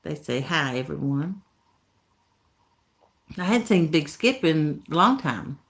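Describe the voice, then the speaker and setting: A woman's voice: low-pitched, animated, takes it slowly. A woman from Tennessee with an Appalachian accent, hosting a casual live stream, reading chat comments in folksy talk and laughing often. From Tennessee, USA. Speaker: livestream host reading chat.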